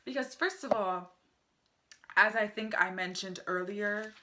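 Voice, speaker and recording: A young American woman vlogs casually from home, reviewing something in a chatty, enthusiastic way and laughing often as she talks to the camera. Her mid-range voice is bright and forceful, a little slow.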